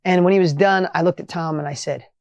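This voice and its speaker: A middle-aged man telling a motivational story with energy and emphasis, his voice rising when excited. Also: sits high, fast talker, no room sound, lo-fi sound. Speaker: motivational speaker.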